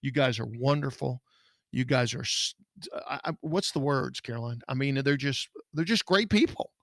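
Middle-aged man with a gravelly voice, folksy and earnest podcast host, dry close sound. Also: mid-range voice, normal speed, fairly bright tone, no echo. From Texas. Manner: folksy, earnest, rambling with restarts. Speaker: podcast host, private investigator. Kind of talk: casual podcast talk.

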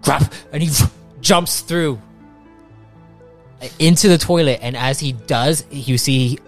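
A young man narrating as game master in a casual, halting way, often restarting his sentences. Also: on the high side, faint music behind.

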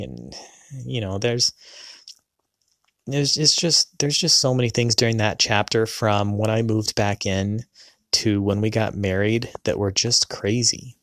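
Low-voiced man telling a story, rambling. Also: measured pace, a bit bright, no room sound, studio quality. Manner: rambling, full of fillers and self-corrections. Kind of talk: personal storytelling to an audience.

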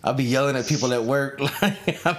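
A man's voice: medium pitch, fairly quick, a crowd in the background. A man hosting a casual chat, swearing often and laughing through his stories. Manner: profane, laughing storyteller. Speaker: host.

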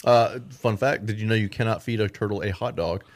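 A man's voice: on the low side, a little fast, background noise. A man co-hosting a podcast in casual chat, rambling, swearing freely and laughing through his stories. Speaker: podcast co-host.

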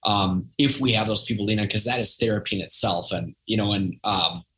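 Bright-voiced reflective man. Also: lowish voice, steady tone, fairly quick, poor audio. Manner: reflective, storytelling, acts out quoted voices. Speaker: podcast guest. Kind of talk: casual conversation.

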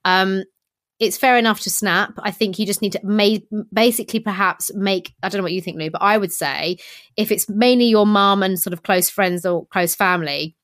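A woman's voice: mid-range voice, steady tone, moderate pace, a bit bright, no room sound, clean studio sound. A woman co-hosting a podcast, chatting frankly and swearing freely while reading out listener confessions. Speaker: podcast co-host.

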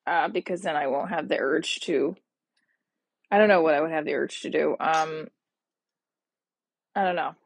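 A gravelly, husky woman in her forties talks through her own podcast in a rambling, emotional monologue. She sounds sad and upset and keeps restarting her thoughts. The dry recording puts her voice close, with no room around it. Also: sits low, moderate pace, long pauses, no room sound. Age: 40s. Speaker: podcast host. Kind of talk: personal voice diary monologue.

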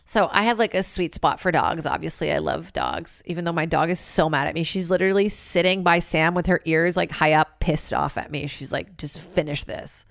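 A woman in her thirties hosts a podcast and tells a wild story in loose, profane chat, with "like" in almost every sentence. Her voice sits on the low side for a woman. The sound is close and dry. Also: brisk, creaky, hardly any pauses, dry recording. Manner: animated, profane, filler-heavy with lots of "like". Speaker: podcast host. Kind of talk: casual comedic storytelling.

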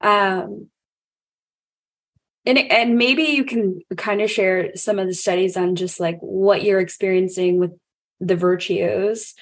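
A woman's voice: medium pitch, steady tone, slow pace. A woman podcast host asking long, thoughtful, rambling questions in a casual interview.

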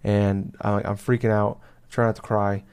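A young man chatting casually on a podcast, telling a story in a halting, rambling way full of restarts and fillers. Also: fairly low pitch, little pitch movement, creaky, a little mellow, clear, resonant tone.

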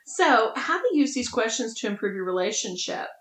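A woman's voice: on the high side, lively intonation, moderate pace, echoey room, over a noisy crowd, low-quality recording. A woman co-hosting a podcast in casual chat, playful and teasing, laughing often. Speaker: podcast co-host.

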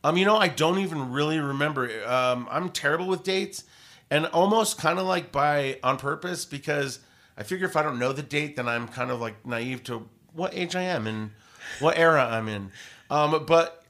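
A male radio host in a relaxed interview, talking with lively, rambling energy. He circles back, restarts his sentences and drops plenty of fillers along the way. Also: a little high, moderate pace. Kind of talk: casual interview storytelling.

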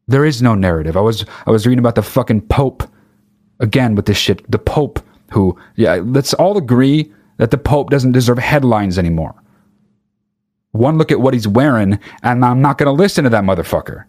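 A man ranting with sarcasm and heavy swearing, mocking others in high put-on voices. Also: lively intonation, normal speed, darkish tone. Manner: angry, sarcastic, swears a lot. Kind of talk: profane ranting monologue.

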